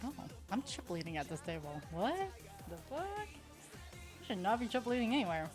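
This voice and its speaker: A woman's voice: mid-range voice, very animated, moderate pace, over music. A young woman streamer chatting casually while playing online poker, rambling, swearing freely and laughing often.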